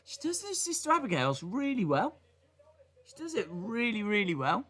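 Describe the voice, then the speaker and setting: A man hosts a casual live reaction stream, rambling from one joke to the next. His voice is bright and lively, swinging widely up and down as he acts out goofy voices. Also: sits high, normal speed.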